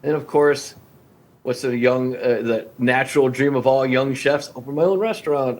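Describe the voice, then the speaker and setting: A man's voice: medium pitch, normal speed. A man in his fifties, a restaurant coach, speaking as a guest on a podcast interview and acting out conversations with clients. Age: 50s. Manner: energetic, acts out phone-call dialogues with clients.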